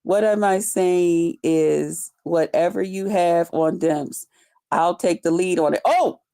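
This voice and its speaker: Speaking slowly in a warm, fairly low voice, a livestream host chats casually and without a script. She reads her chat, curses freely, and welcomes viewers by name with frequent laughter.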